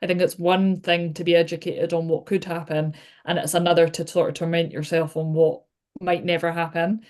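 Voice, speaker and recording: A Scottish woman in her thirties talks as a podcast guest in a relaxed, chatty way. She peppers her speech with likes and you-knows. Her voice sits a little low for a woman. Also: normal speed. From Scotland. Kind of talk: casual chat.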